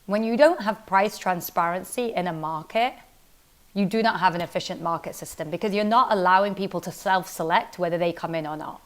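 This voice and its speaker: A woman who founded a company, talking casually in an interview, quick and animated, full of "like" and "literally". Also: fairly low pitch. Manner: fast, animated, heavy use of "like" and "literally". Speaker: startup founder and CEO, interview guest.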